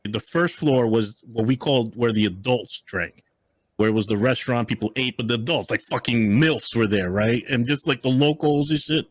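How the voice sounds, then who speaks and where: A man's voice: mid-range voice, moderate pace, no room sound. A middle-aged man co-hosting a podcast, telling stories in a loose, profane way, full of "right?" and "yo". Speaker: podcast co-host. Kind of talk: casual storytelling chat.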